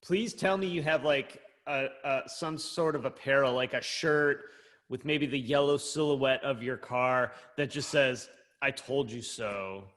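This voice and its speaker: A man's voice: medium pitch, steady tone, a little slow, fairly bright tone. A man co-hosting a casual chat podcast, blunt, joking and swearing freely. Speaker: podcast co-host.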